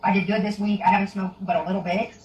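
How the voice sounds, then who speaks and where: Fast-talking, blunt woman streamer. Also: mid-range voice, level tone, darkish tone, a little hiss or hum. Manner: blunt and profane, rambling. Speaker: live streamer. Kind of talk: casual live-stream chat.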